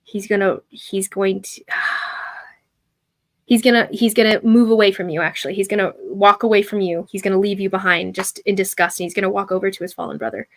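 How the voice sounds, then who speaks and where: Flat-voiced woman narrating as game master. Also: medium pitch, normal speed. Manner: dramatic narration with fillers.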